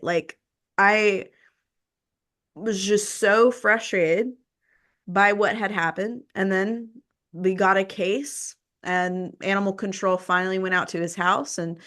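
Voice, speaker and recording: A woman talking casually on a podcast. She is animated and her voice jumps up high when she quotes people. Her pitch sits in the middle for a woman. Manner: animated, acts out quoted exchanges with rising pitch. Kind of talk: casual conversational storytelling.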